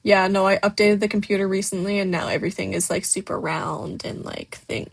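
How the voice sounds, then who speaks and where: Gravelly, husky woman chatting on a livestream. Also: medium pitch, fairly quick. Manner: reads chat messages aloud and answers them; loose, with many fillers. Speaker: stop-motion creator hosting a livestream. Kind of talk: casual livestream chat.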